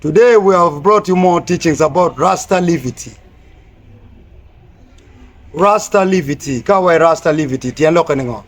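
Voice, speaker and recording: A man giving a spoken lesson on word meanings, mixing English with another language and spelling words out slowly. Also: on the high side. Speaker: teacher of Rasta language.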